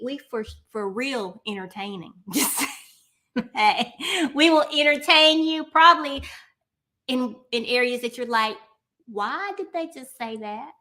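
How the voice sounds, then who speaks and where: A woman's voice: sits high, bright, forceful tone. A woman, hosting a casual chat, playful and emphatic, often laughing at herself. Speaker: host.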